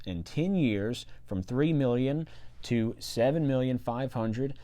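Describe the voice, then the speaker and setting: A man's voice: medium pitch, animated, measured pace, warm tone, no room sound. A man reading an old newspaper aloud and stopping for rambling, sarcastic asides. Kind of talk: reading with commentary.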